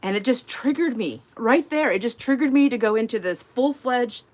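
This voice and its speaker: A woman's voice: fairly high pitch, lively intonation, normal speed, darkish tone. A middle-aged woman hosting a live crafting stream from home, chatting casually and telling a rambling story full of fillers and giggles. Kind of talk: casual chat while crafting.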